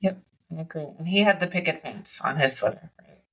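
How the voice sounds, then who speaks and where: A woman's voice: low voice, lively intonation, fairly quick, fairly bright tone, breathy edge, poor audio. A woman co-hosting a podcast in casual chat, making wry asides. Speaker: podcast co-host.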